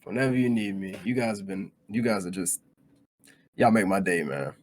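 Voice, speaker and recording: American male guest, low voice, friendly and hesitant. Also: lively intonation, moderate pace. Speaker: podcast guest. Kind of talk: casual chat.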